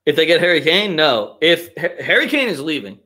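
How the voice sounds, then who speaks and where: A young man hosts a casual live soccer chat podcast, speaking a little fast in a fairly high voice. He swears a lot and launches into animated, strongly opinionated rants, sometimes mocking others in put-on voices.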